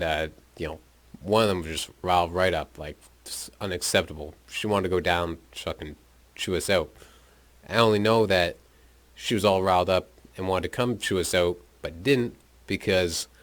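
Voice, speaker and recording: A young man's voice, sitting low and a bit bright, carries a rambling, profane story of his school days. He laughs often as he talks, a podcast host sharing his life story.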